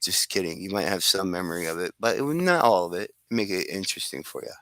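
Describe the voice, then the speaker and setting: A man's voice: sits low, lively intonation, fast talker, a bit bright, dry recording. A man voicing a teasing, fatherly elderly god who grants wishes.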